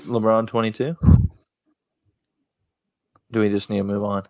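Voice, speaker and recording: A man's voice: lowish voice, flat delivery, unhurried, no room sound. A man co-hosting a casual sneaker podcast, laid-back and teasing as he runs the rundown. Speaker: podcast co-host.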